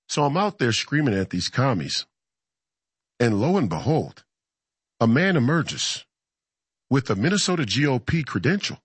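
A man's voice: mid-range voice, big pitch swings, moderate pace, pauses often, husky, no echo. A man delivering a heated storytelling monologue as a political commentator, fiery and repetitive, stumbling over restarts. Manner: fiery, repeats phrases, frequent restarts and stammers.

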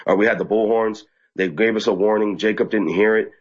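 Low, husky man on dull lo-fi audio. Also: brisk. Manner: animated, mocks others in high squeaky voices. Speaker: activist guest. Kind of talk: casual storytelling interview.

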